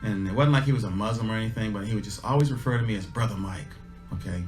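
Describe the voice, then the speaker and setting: Over faint background music, a man with a fairly low, darkish voice talks very fast as he tells a personal story. He's earnest and conversational, restarting his sentences often.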